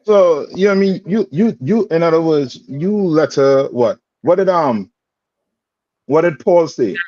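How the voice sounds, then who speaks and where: A man's voice: on the high side, animated, measured pace, darkish tone, no echo. Male religious teacher, streetwise and repetitive, in a dull, dry recording. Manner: repetitive questioning, streetwise phrasing. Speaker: class teacher.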